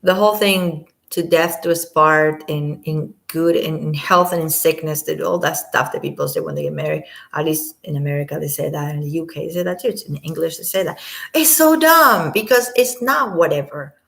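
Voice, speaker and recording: A woman giving casual commentary on an audio clip, rambling and sometimes dropping to a quiet near-whisper. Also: low voice, moderate pace, gravelly.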